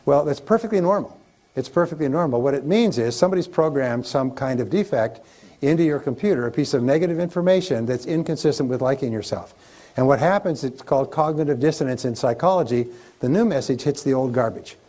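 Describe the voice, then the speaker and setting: A man's voice: medium pitch, lively intonation, brisk, warm tone. A man giving a live seminar talk into a stage microphone. He drives his points home with repetition, rolling lists and chanted phrases. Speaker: motivational speaker.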